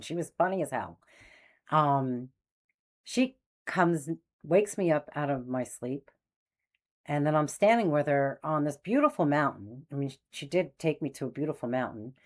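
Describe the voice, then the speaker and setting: Low-voiced woman in her sixties telling stories. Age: 60s. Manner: animated, acts out quoted voices. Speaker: spiritual medium host. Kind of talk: personal storytelling.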